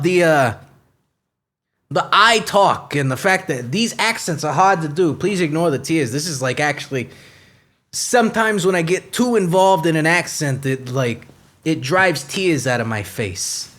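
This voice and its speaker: A man on a comedy podcast, rambling crudely with a high voice. His pitch jumps all over. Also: lively intonation, a little slow, fairly bright tone. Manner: crude, rambling, laughs at himself. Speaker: podcast host. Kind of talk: casual comedic podcast chat.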